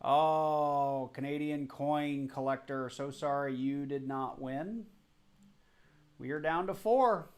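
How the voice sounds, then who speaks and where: A man's voice: on the high side, slow pace. Chatty man hosting a live coin stream. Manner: chatty, apologetic, flustered. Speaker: livestream host. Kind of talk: casual live stream chat.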